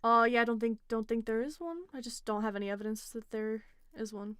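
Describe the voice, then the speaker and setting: A woman's voice: fairly high pitch, a little fast, smooth. Dry-humored woman hosting a call-in. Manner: relaxed, wry and dry-humored. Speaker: host. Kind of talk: casual call-in debate.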